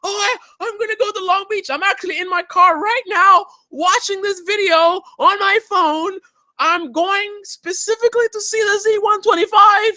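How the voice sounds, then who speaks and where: A man voicing an overexcited male fan heading to a motorcycle show, squealing with breathless excitement. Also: very high-pitched, moderate pace, no echo, pitched above the performer's own voice, heavily acted.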